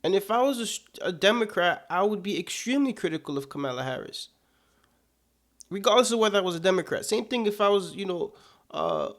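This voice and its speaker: A man's voice: high voice, expressive, a little fast, a bit bright. A man giving casual political commentary, indignant and full of rhetorical questions.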